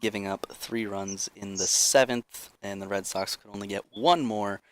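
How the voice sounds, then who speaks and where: A man's voice: fairly low pitch, fairly even intonation, moderate pace. A young man co-hosting a casual sports podcast, sarcastic and rambling, swearing now and then. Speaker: podcast co-host.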